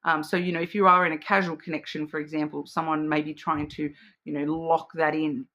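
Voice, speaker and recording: A woman's voice: low voice, level tone, a little fast, a bit bright, lo-fi sound. A woman giving a casual, rambling card reading to camera, full of fillers and restarts. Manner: chatty and rambling, with frequent fillers, self-restarts and laughs; acts out playful quoted voices. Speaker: card reader.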